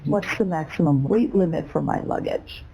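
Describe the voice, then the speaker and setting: A woman's voice: low-pitched, moderate pace, vocal fry, dark tone, rough recording. A synthetic woman's voice playing an eccentric elderly caller who rambles and breaks into parrot squawks and chirps. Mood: chatty. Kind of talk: AI voice bot call.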